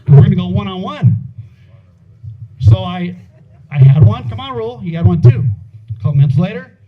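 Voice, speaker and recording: A man's voice: sits high, expressive, moderate pace. A man in his forties giving an informal, joking eulogy full of profanity and restarts, outdoors at a backyard gathering. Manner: joking, profane, repeats words. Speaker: eulogy speaker. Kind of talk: informal eulogy with funny stories. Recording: tinny phone-like sound with faint noise.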